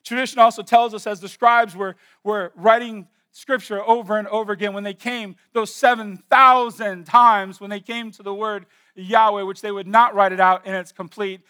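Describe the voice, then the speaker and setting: A male pastor delivers a sermon in a high, bright voice. His tone is clear and ringing. He drops to near hushes and then builds to emphatic, loud declarations. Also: steady tone, normal speed, few pauses. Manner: emphatic preaching, swings between soft and loud. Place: church with slides.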